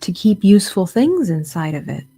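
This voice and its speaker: A woman voicing a cheerful male bear who talks in a bright, bouncy way while retelling a storybook. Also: mid-range voice, very animated, normal speed, husky, faint music behind. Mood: cheery.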